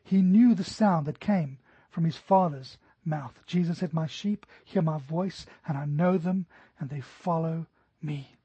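A middle-aged man preaching a sermon earnestly, slowing down to stress scripture. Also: a little high, warm tone, husky, no room sound. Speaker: pastor. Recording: dry, dull lo-fi recording.

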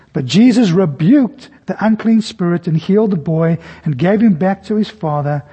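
A man's voice: dark tone, slightly rough. A man preaching a sermon, telling the scene as a story and acting out the voices in it. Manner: storytelling, acts out scenes with varied pitch. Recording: long hall reverb.

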